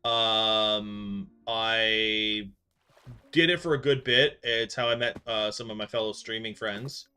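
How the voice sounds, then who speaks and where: Bright-voiced man chatting while gaming. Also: lowish voice, takes it slowly, smooth, faint music behind. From Canada. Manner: rambling, filler-heavy, distracted while playing. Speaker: streamer. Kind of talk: casual live-stream chat with viewers.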